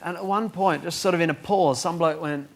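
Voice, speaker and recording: A man, a comedian and musician, telling lively anecdotes as a guest on a chat show and acting out other people's voices. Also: on the high side, brisk, vocal fry. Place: TV studio.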